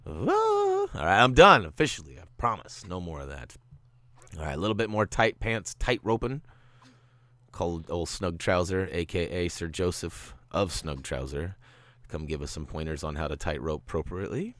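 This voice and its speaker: Deep-voiced, playful game walkthrough host. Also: male voice, moderate pace, bright, forceful tone, no echo. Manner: playful and jokey, with goofy asides. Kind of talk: gameplay commentary.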